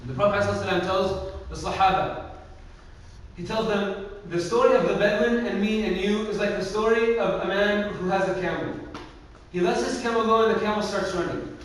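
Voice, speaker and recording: A man's voice: sits high, fairly even intonation, brisk, a little hiss or hum. A young man giving a casual religious talk, telling stories and acting out the people in them, with lots of filler words. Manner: casual, filler-heavy, acts out quoted voices. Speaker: youth speaker. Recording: echoey hall recorded from far off.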